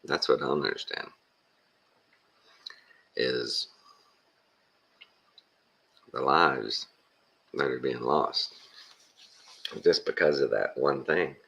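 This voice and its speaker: Blunt, plainspoken Texan man, very low and creaky, casual monologue. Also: slow pace, pauses often, fairly bright tone. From Texas. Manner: blunt and plainspoken, with folksy slang. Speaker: vlogger.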